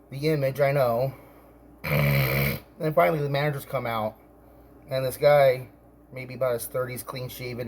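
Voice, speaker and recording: A man telling a story in an angry rant, stammering and repeating himself, now and then bursting into shouts. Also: fairly high pitch. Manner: many restarts and stammered repeats. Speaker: vlogger.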